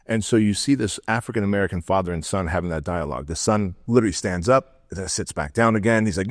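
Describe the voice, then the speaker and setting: A middle-aged man from the former Soviet Union, a podcast guest telling stories in a blunt, energetic, slangy way and acting out what people said. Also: low voice, fast, hardly any pauses, no room sound, clean studio sound. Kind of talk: casual podcast interview storytelling.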